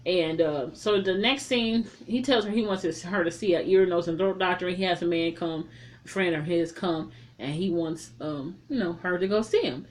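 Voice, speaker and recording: A woman recapping a movie in a casual, blunt and profane way, telling it as a lively story. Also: fairly low pitch, moderate pace. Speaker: movie reviewer.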